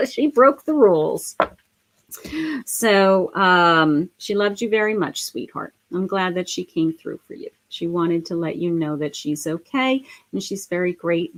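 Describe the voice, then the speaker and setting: A middle-aged woman with a fairly low-pitched voice talks softly through a live psychic reading. She sounds gentle and emotional, and often pauses on "um" as she goes. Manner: gentle, emotional, full of fillers. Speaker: psychic medium.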